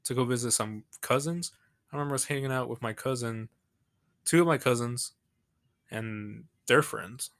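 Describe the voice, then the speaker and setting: A man in his late twenties from Texas, co-hosting a podcast and telling stories casually with halting restarts. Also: medium pitch, fairly bright tone. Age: 20s. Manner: rambling storyteller, halting restarts. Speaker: podcast co-host. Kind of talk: casual chat.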